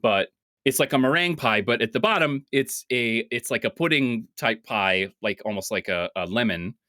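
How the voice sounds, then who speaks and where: A man co-hosting a casual chat show, rambling and animated, swearing freely as he jumps between topics. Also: mid-range voice, moderate pace, no room sound, clean studio sound. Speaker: podcast co-host.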